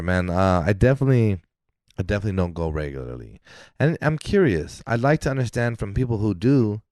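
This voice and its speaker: Lively, animated storytelling man. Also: mid-range voice, dry recording, studio quality. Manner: animated storyteller, swears freely, laughs often. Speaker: podcast co-host. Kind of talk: casual chat. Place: podcast studio.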